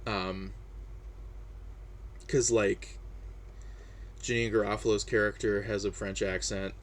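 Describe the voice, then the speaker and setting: A man's voice: lowish voice, slow pace, slight background noise. A man chatting casually on his own, hesitant and full of fillers and restarts. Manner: relaxed, chatty. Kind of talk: casual personal monologue.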